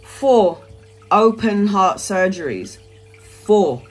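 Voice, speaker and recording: A woman's voice: medium pitch, lively intonation, very slow, low-quality recording. A woman, talking on a live stream in an emphatic, rambling way that is peppered with swearing. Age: 40s. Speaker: tarot reader live streamer.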